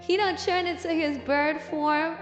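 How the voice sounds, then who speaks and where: A woman with a high, bright voice chats through a comic recap in an animated, sassy way, teasing the characters as she goes. Her voice rings in an echoey room with a long reverb tail, and faint music sits underneath. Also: unhurried. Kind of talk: casual comic review commentary.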